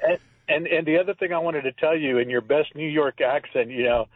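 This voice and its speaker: A male caller talking over a tinny phone line, his voice sitting a bit high. Chatty and insistent, he tends to repeat his points. The sound is dry and narrow. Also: fairly quick, dry recording. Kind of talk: call-in radio talk.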